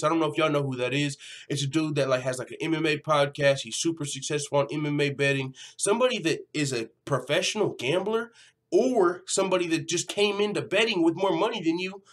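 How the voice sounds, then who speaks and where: Man, slightly high voice, casual vlog commentary, animated, profane. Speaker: MMA news channel host.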